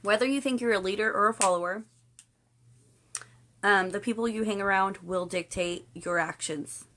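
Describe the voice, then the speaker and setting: A woman's voice: medium pitch, moderate pace, a bit bright. A woman hosting a casual spiritual livestream, chatty and playful, greeting viewers and slipping into silly voices when she quotes people.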